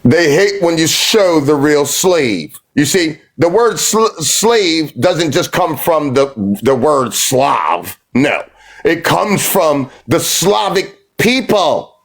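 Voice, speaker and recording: A man's voice: a little high, sing-song, takes it slowly. Confrontational man on a live stream. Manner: confrontational, mocking, repeats phrases. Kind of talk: heated live-stream argument.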